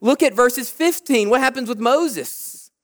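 Animated male pastor preaching. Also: very high voice, unhurried. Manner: animated, acts out the people's complaints. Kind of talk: sermon.

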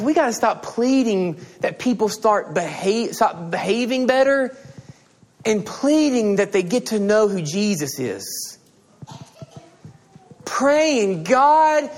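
Male pastor, higher voice, slow deliberate delivery, earnest pleading sermon style. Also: expressive. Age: adult with children and a wife. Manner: pleading, emphatic preaching with repeated appeals.

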